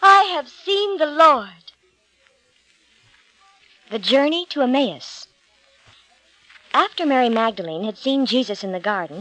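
A woman reading a storybook aloud. Her voice sits a bit high, and her reading is clear and expressive. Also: no room sound, rough recording. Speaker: narrator.

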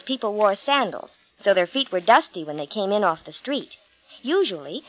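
A woman narrating a Bible story for a storybook reading, steady and clear. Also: medium pitch, low-quality recording.

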